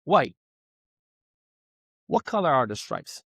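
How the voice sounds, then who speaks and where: A man's voice: a little high, slow pace, breathy edge, no room sound. A middle-aged man giving a motivational relationship talk to a live audience, telling stories and acting out the quotes. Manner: animated storyteller, acts out quotes. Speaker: relationship speaker.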